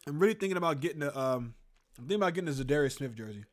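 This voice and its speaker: A chatty young man talks very fast in a slightly high, animated voice while hosting a live game reaction stream. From a room with a closet at home, the sports show host rambles and talks with viewers in chat.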